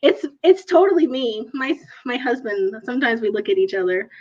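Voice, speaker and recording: A woman's voice: on the high side, normal speed, muffled recording. A woman chatting as an interview guest, telling stories with a laugh. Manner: laughing, animated storyteller. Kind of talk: casual chat.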